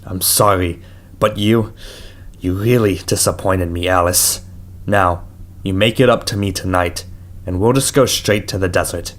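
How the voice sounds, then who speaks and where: A man voicing a menacing adult male abductor who talks in a calm, coaxing, cold way. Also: low-pitched, measured pace.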